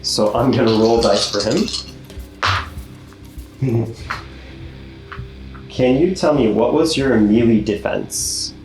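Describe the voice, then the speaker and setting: Running a tabletop game, this game master speaks slowly with frequent pauses, his medium-pitched voice darkish in tone. He stays easygoing, laughs often and walks through the rules patiently, in an echoey room with faint music behind.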